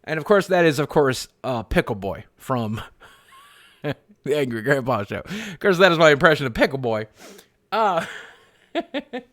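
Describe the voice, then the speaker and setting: A man hosting a live stream, joking with his chat in a self-mocking way and softly coaxing his dog. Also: a little high, sing-song, measured pace, long pauses. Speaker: livestream host.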